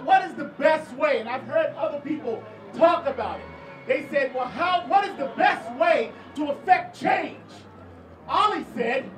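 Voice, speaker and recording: A man's voice: very high-pitched, distant mic. A man, a police officer, speaking earnestly and plainly to a rally crowd, raising his voice to be heard outdoors. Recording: echoey PA from afar, loud crowd. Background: loud cheering crowd.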